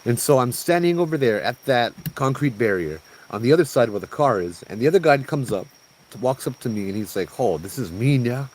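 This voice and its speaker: A man telling a ghost-tour story outdoors on a trail at night, casual and animated, calling people bro and laughing as he goes. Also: medium pitch, a little fast, slight background noise, low-quality recording.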